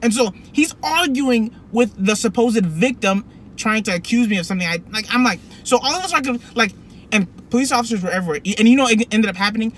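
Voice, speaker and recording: A young man telling a personal story to camera in a rambling, animated way, full of fillers and restarts. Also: high voice, fairly quick, a little hiss or hum. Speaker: vlogger. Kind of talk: casual storytelling.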